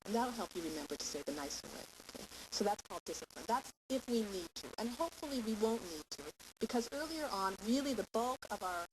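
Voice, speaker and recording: A woman gives a parenting lecture with lively, explaining delivery and frequent check-ins with her listeners. Her voice sits at an ordinary middle pitch. A constant hiss runs under the recording. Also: fast. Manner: animated, explanatory, with many "okay"s. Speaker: parenting teacher. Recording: hissy amateur recording.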